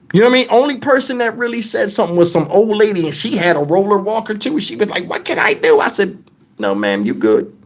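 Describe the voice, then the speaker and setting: A middle-aged man with a notably high voice hosts a casual livestream, speaking bluntly with plenty of profanity. He sounds shaken and worked up, and he keeps turning to talk straight to his chat. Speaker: livestream host.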